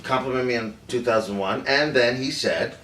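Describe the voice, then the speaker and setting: An actor playing a famous film director in a staged interview, halting and hesitant with many fillers. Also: male voice, mid-range voice, fairly bright tone, natural voice. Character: man playing a famed film director recounting secrets. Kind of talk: improvised interview acting. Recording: roomy echo from a distant mic with faint noise.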